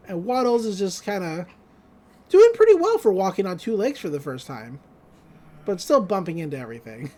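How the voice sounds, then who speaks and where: A woman's voice: medium pitch, darkish tone. A woman co-hosting a podcast, casually recapping a cartoon episode with wry asides and frequent laughter. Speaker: podcast co-host.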